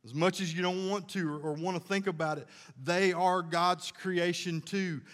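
A male pastor delivering a sermon in a chatty, down-home storytelling manner, his voice sitting a bit higher than most men's. He talks to the congregation plainly and often backs up to restart a thought. The sound carries a long reverb from the church hall. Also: steady tone, normal speed, a bit bright. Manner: folksy storytelling, conversational with restarts.

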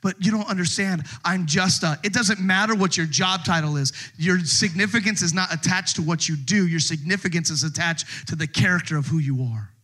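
Preaching quickly with few pauses, a middle-aged pastor uses a fairly high voice and an animated style. He swings from quiet, low passages to shouted lines, voicing various characters along the way.

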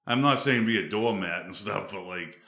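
Casual male podcast guest: low voice, rambling and relaxed, echoey room. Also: moderate pace. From Boston suburbs, USA. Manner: rambling, laid-back, many fillers. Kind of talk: casual chat. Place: studio. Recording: roomy echo.

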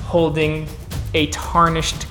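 A man narrating a tabletop horror game as the game master, in a relaxed, descriptive way. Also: fairly high pitch, takes it slowly, roomy sound, soft background music.

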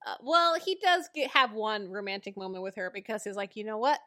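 A woman co-hosting a casual chat, recapping a story in an animated way with swearing and playful voices for quotes. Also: mid-range voice, brisk. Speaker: podcast co-host.

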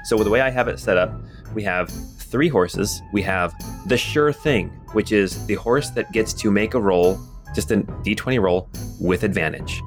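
A man running a tabletop game as game master, chatty and relaxed, narrating and explaining rules. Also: on the low side, moderate pace, soft background music. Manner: relaxed, chatty, many fillers.

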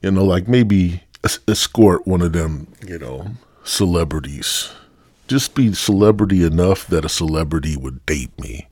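A man's voice: low voice, a little slow, a little mellow, breathy edge, no room sound. A male podcast host rambling bluntly through a profane solo rant. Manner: rambling, heavy swearing, blunt.

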